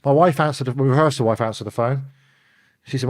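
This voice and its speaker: A man's voice: medium pitch, fast. A middle-aged man, telling stories as an interview guest and acting out the phone calls he describes. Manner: animated storyteller, acts out phone calls. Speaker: interview guest, former bodyguard. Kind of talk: candid storytelling in an interview.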